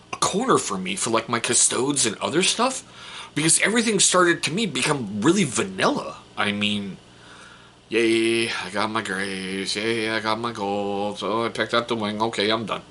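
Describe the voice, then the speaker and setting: A man hosting a casual hobby vlog, rambling and excitable, and swearing casually. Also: lowish voice, a little hiss or hum. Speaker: hobby channel host.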